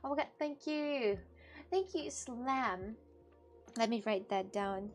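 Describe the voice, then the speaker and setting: A woman's voice: a little high, slow pace, soft background music. A woman streamer chatting casually with her live chat, laughing often and restarting her sentences. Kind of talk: casual IRL livestream chat.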